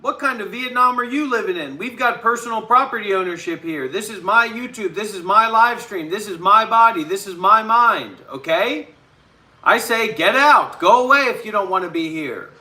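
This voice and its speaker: Brief: male live-stream host, combative rant, high and very bright voice. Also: animated, normal speed. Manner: combative, ranting. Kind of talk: ranting live stream talk.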